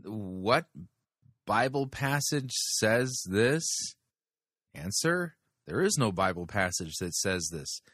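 Deliberate, critical man with a low, forceful voice. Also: very animated, no room sound, studio quality. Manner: deliberate, critical, stresses key words. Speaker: podcast host critiquing a sermon. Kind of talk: commentary.

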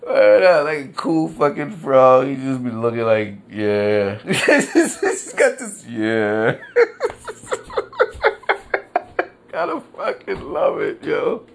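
Creaky and medium in pitch, a man's voice carries his own podcast as he rants his way through casual talk. He's animated, laughs a lot, swears freely, and leans heavily on New York street slang.

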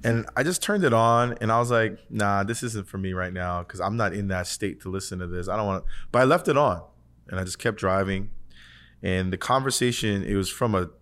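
A man with a fairly low voice talks casually on a faith podcast. He tells his story earnestly, rambling and restarting often, with "like" scattered through his sentences. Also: fairly quick, a bit bright. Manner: earnest, rambling, heavy use of "like". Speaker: podcast co-host.

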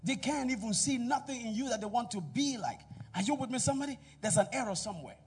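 A middle-aged man preaching a sermon in a church, calling out to the congregation and swinging between loud exhortation and quiet asides. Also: extremely high pitch, lively intonation, fast, slightly rough, recorded from a distance. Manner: preaching with call-and-response to the congregation. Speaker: pastor.

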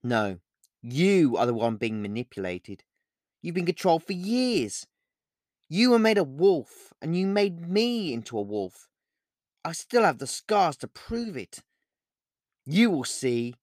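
A man playing a possessive young male werewolf in an audiobook reading, speaking in a calm, low and menacing way. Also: unhurried, dry recording, clean studio sound.

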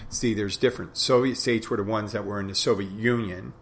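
A man's voice: fairly low pitch, steady tone, brisk, a little hiss or hum. A man hosting a podcast, talking alone in a reflective, rambling way with frequent restarts. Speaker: podcast host. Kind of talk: casual monologue.

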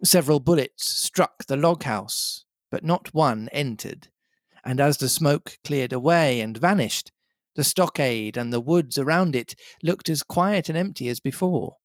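A man's voice: on the high side, dry recording, studio quality. Man reading an adventure novel aloud. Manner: measured storybook narration. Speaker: reader and podcast host.

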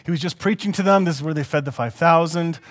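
A man's voice: on the high side, fast talker. A man teaching a Bible lesson, reading the scripture aloud and breaking off for chatty, joking asides. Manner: animated, chatty, jokey storyteller.

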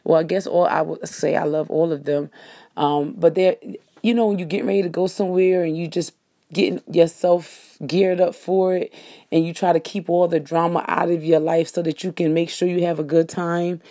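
Low mellow woman rambling casually. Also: fairly even intonation, normal speed, no room sound, clean studio sound. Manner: rambling, self-correcting, folksy. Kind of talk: casual monologue to listeners.

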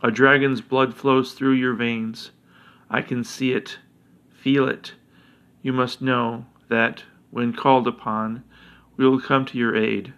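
Grave old dragon prophet, slow and solemn, a man reading it out. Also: mid-range voice, level tone, a bit bright. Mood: solemn, foreboding.

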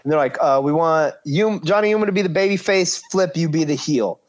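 A man's voice: a little high, fairly quick. A man in his thirties casually telling a story about his wrestling career, acting out quoted voices and swearing freely.

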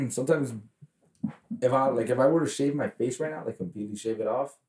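A man's voice: mid-range voice, fairly quick, darkish tone, reverberant. A man co-hosting a podcast, telling rambling, profane stories in casual chat, full of fillers. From Mexican heritage. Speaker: podcast co-host.

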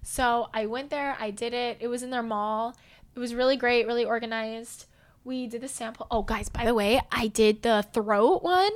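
A young woman telling a personal story in casual chat, animated and growing loud and emotional at the tense parts. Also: on the high side, normal speed.

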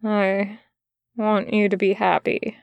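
A woman voicing a wary, hurt male demon who speaks quietly and hesitantly. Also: mid-range voice, little pitch movement, slow, gravelly, dry recording, dull audio. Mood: hurt, guarded.

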